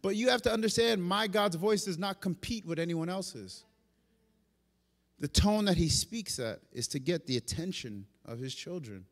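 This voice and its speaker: Pastor, male, preaching live; high-pitched voice with long church-hall reverb; animated, moving from loud to hushed. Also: normal speed. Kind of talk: sermon. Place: church sanctuary during a live service.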